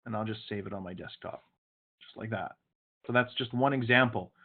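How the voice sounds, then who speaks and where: A man's voice: fairly low pitch, fairly quick. A man leading an online sales training session, coaching his group directly and sometimes sternly. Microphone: video call. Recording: phone-like video call audio.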